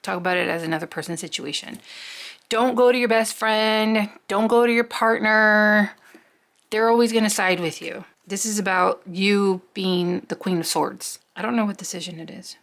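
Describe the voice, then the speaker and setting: A woman's voice: mid-range voice, normal speed, fairly bright tone. A woman giving a casual tarot reading, chatty and rambling, often talking to herself and swearing offhandedly. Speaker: tarot reader.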